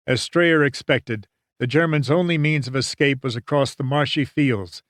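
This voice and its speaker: A man narrating an audiobook in a measured, dramatic storytelling manner. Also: mid-range voice, a bit bright, no room sound, clean studio sound. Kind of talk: scripted narration.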